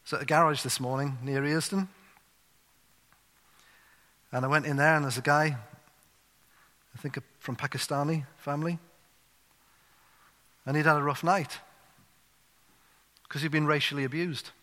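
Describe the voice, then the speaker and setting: A man delivers a sermon in a chatty, storytelling manner, scattering "you know" through his points. His voice is bright and a little high. It rings with the long reverb of a church hall. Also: steady tone, normal speed, long pauses. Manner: conversational storytelling with many "you know" fillers. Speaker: preacher. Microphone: wireless handheld or clip mic.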